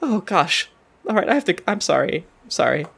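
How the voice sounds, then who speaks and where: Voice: medium pitch, big pitch swings, fairly quick, gravelly, fairly bright tone, breathy edge, heavily acted. A game master voicing a nervous young female Warforged attendant who rambles and corrects herself mid-sentence. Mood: anxious. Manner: rambling, flustered, self-correcting.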